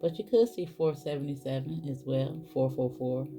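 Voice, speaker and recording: A woman's voice: low voice, moderate pace, soft background music. A woman, doing a casual tarot reading and talking straight to her viewers. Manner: animated, exclaiming, talks straight to viewers as boo and y'all. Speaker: tarot reader.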